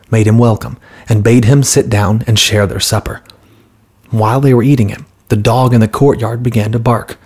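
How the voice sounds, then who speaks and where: Male narrator, deeper voice with some breathiness, steady children's storybook reading. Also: husky. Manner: calm, steady storytelling with light voices for characters.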